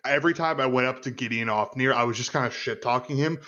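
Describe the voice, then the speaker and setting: A man's voice: mid-range voice, fast talker, bright, forceful tone, dull audio. A man co-hosting a casual gaming podcast, telling jokey, profane stories with laughter. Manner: profane, joking, laughing storyteller. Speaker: podcast co-host.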